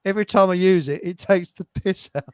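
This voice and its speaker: An English man co-hosts a casual live stream and reads out viewer messages, with plenty of jokes. His voice sits a little high, and he often trails off into a mumble. The sound is dry and close, with no room echo. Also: a little fast, darkish tone. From England. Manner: jokey, chatty, trails off into mumbles. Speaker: co-host reading listener comments.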